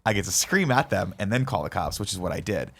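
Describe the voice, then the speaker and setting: A man's voice: low voice, sing-song, quick pace, a bit bright. A man, a podcast co-host, telling a heated story in casual chat and swearing a lot.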